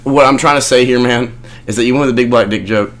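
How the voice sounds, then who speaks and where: Fast-talking, teasing man in crude banter. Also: medium pitch. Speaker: podcast co-host. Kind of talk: casual banter.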